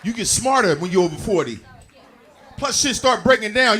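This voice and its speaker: A man in his forties doing a stand-up comedy set, animated and profane, playing off the crowd. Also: high voice, brisk, pauses often. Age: 40s. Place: comedy club stage.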